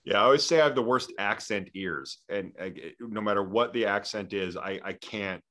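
Self-mocking man, lower voice. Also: normal speed, a bit bright. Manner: self-mocking, laughs often. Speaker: podcast guest, content creator. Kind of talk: casual chat.

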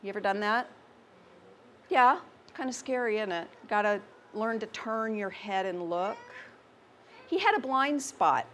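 A woman's voice: medium pitch, animated, fairly bright tone, slight background noise. A woman preaching a sermon in a conversational, emphatic way, often putting questions to her listeners. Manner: conversational, asks the congregation questions; slow and emphatic.

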